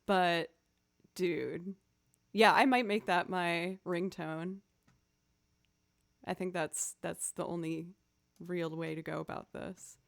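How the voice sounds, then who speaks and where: A woman's voice: lowish voice, steady tone, takes it slowly, vocal fry, pauses often. A woman chatting casually with viewers on a live stream, playful and goofy. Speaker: streamer and violinist.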